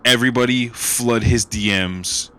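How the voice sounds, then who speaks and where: A man's voice: medium pitch, fairly even intonation, a little slow, sharp tone, clean tone. A man co-hosting a podcast in casual chat, teasing and mock-scolding his co-host.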